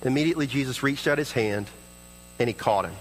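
Pastor preaching in a reverberant hall. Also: male voice, fast talker, slight background noise. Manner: earnest, acts out prayers and dialogue in shifting pitch. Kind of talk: sermon.

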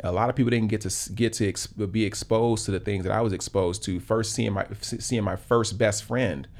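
A man's voice: lowish voice, steady tone, a little fast. A man in his thirties from South Los Angeles, a podcast guest telling reflective stories in casual talk, full of fillers and restarts. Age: 30s. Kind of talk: casual conversational storytelling.

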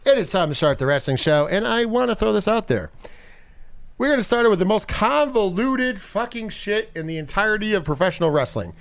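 A man hosting a podcast in casual chat, animated and profane, rambling with restarts. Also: sits high, a little fast. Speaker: podcast host.

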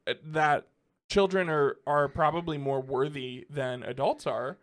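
A man's voice: fairly high pitch, unhurried. A young man co-hosting a podcast, chatting casually about a movie and ranting with exasperation. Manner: animated, exasperated ranting with rising laughs. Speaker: podcast co-host. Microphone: podcast microphone.

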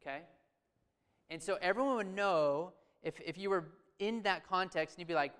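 A man's voice: high voice, moderate pace, a bit bright, clear, resonant tone. A pastor giving a sermon, reading scripture and then talking it through in a conversational way, asking the audience questions and restarting his sentences. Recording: long hall reverb.

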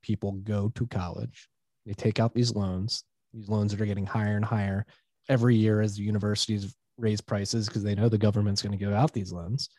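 A man co-hosting a podcast, chatting casually and explaining his views in an animated, opinionated way. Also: lowish voice, a little fast, no echo. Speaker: podcast co-host. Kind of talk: casual conversational chat.

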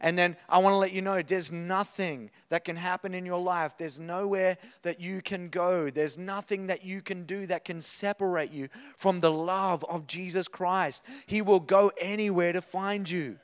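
Pastor preaching in a reverberant hall. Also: male voice, high voice, fairly even intonation, moderate pace, few pauses, clear, resonant tone. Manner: passionate preaching with rising emphasis and storytelling. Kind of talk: sermon.

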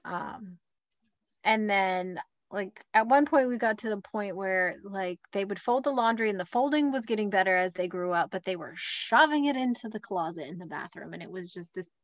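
A woman's voice: medium pitch, expressive, moderate pace, no echo, dull audio. A woman, a mother and wellness coach, co-hosting a podcast in a rambling, chatty way full of fillers. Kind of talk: casual podcast chat.

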